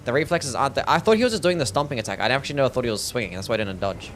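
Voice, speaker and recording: A man's voice: medium pitch, expressive, racing, a bit bright. Young aussie guy streaming, swears a lot, chats with his viewers, faint room noise behind him. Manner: chatty, swearing, reads chat aloud, laughs easily. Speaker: game streamer. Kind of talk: casual livestream commentary.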